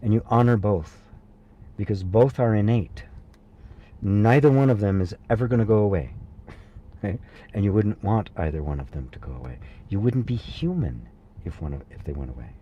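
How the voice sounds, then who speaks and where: A man hosting a live satsang as a spiritual teacher, speaking gently and reassuringly, laughing softly and pausing with fillers as he reads viewer comments. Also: lowish voice, lively intonation, highs cut off, a little hiss or hum. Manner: hesitant fillers and restarts while reading.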